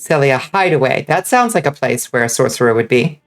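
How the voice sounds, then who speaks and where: A woman streams a video game and chats with viewers, reacting to chat and swearing freely in casual commentary. Her voice is rumbling and low, expressive and brisk.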